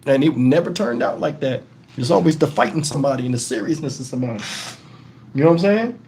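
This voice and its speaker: A man telling a profane, animated story on his livestream, acting out the voices in it. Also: mid-range voice, fast talker, a little hiss or hum. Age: adult, twenties long past. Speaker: livestream host.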